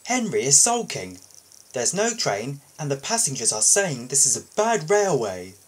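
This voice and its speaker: A man's voice: medium pitch, very animated, normal speed, husky. A man reading a storybook and voicing an urgent, worried male station master. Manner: urgent, reporting trouble.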